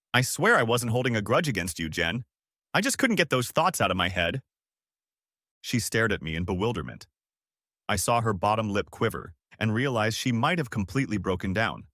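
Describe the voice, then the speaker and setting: Man, low voice, steady first-person narrator, dry booth. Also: no room sound. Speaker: audiobook narrator.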